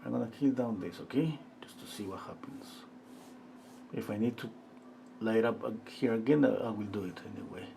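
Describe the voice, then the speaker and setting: Calm, musing male painting teacher. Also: fairly low pitch, creaky, slight background noise. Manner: calm, musing, talks to himself while working, many pauses. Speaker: art teacher painting live. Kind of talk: thinking-aloud painting demonstration.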